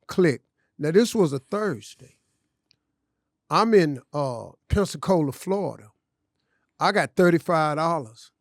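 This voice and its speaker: A man's voice: a little high, animated, measured pace, pauses often, no room sound, studio quality. A man telling a personal story on a podcast, emphatic and conversational, often saying "man". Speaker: podcast guest, comedian. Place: studio.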